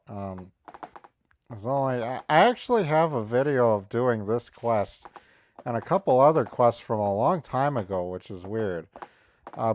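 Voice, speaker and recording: A man's voice: lowish voice, darkish tone, a little hiss or hum. A man giving casual, chatty game commentary with hesitant, joking asides.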